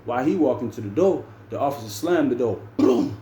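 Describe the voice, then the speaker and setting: Man with a mellow voice telling a story, roomy sound, faint noise behind. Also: mid-range voice, brisk. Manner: animated, slangy, lots of "bro" and "man". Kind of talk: casual storytelling vlog.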